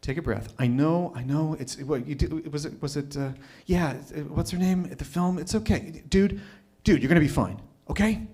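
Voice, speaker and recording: A man voicing a laid-back young male classmate who repeats himself to calm a friend down. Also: on the high side, moderate pace, hardly any pauses, close to an everyday voice. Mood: soothing. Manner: repeats words to calm someone.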